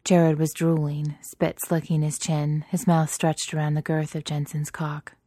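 A woman reading erotic fiction aloud in a soft, intimate, steady manner, slipping into breathy whispers at times. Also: low-pitched, unhurried, no room sound, clean studio sound. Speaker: narrator.

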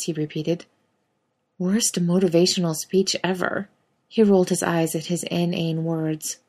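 Woman narrator, slightly low voice, easygoing storytelling with casual swearing; audiobook fan fiction reading. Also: level tone, normal speed, a little mellow.

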